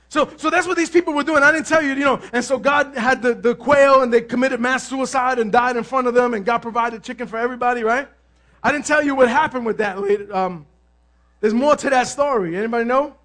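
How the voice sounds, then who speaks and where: A male pastor delivers a lively sermon. His voice sits very high and sounds bright. He drops to near-murmurs, then builds to shouted emphasis, often mimicking the people he describes. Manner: animated preaching, shifting from hushed asides to shouted emphasis; acts out complaining voices of others.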